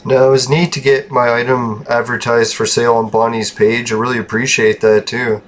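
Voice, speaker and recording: A man's voice: mid-range voice, little pitch movement, normal speed, slight background noise. A man speaking steadily about having an item put up for sale. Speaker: item seller.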